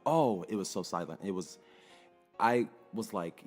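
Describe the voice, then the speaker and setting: A young adult man telling a personal story in a casual, animated way, acting out quoted voices and swearing freely. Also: lowish voice, brisk, soft background music.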